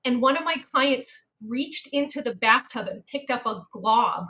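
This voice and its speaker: A woman hosting a podcast about real estate, telling stories in an animated, laughing, repetitive way. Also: a little high, a little slow, lo-fi sound. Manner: animated, laughing, repeats phrases for emphasis. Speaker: podcast host and realtor. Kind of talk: casual storytelling chat.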